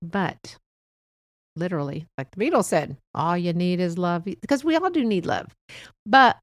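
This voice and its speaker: A woman's voice: fairly low pitch, dry recording, clean studio sound. A woman in her sixties hosting a solo podcast, talking in a rambling, heartfelt way with frequent small chuckles. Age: 60s. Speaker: podcast host. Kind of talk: casual solo podcast monologue.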